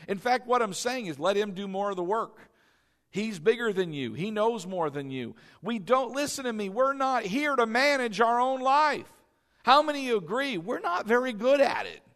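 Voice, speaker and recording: A man's voice: high voice, fairly bright tone. A man preaching a sermon as pastor, exhorting the congregation, repeating key lines and asking them questions. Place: church sanctuary. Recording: long hall reverb.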